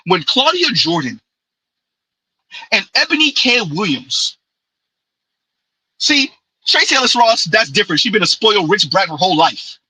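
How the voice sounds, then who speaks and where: A man's voice: high voice, very animated, normal speed, bright, forceful tone, breathy edge, no echo, low-quality recording. A man, giving an opinionated commentary monologue with emphatic call-outs and rhetorical asides. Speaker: commentary vlogger.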